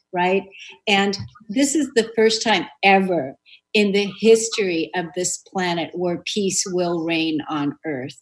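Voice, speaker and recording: A woman's voice: lowish voice, poor audio. A woman hosting a spiritual radio show, talking in an earnest, flowing way with fillers and restarts. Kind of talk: spiritual conversation.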